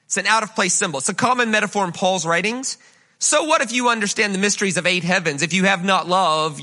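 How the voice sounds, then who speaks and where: A man preaching a sermon as a guest speaker in a church, energetic and conversational, with lots of rhetorical questions to the congregation. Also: high-pitched. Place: church sanctuary.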